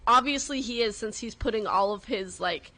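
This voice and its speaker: A young woman co-hosting a casual studio radio chat, quick to react with giggles and exclamations. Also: on the high side, pushed and bright. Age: young adult. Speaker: radio show co-host.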